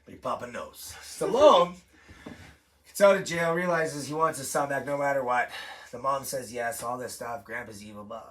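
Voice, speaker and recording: A man's voice: medium pitch, normal speed, a bit bright. A man performing a stand-up comedy set in a living room, retelling a story in a profane, rambling way full of asides. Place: living room with a home-built stage.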